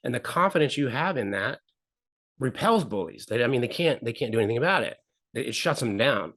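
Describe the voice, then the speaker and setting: As a guest in a candid storytelling interview, a middle-aged man earnestly relates a personal story. His ordinary-pitched voice is fairly bright, with lively intonation and a fairly quick pace, and he repeats phrases for emphasis while acting out whoever he quotes.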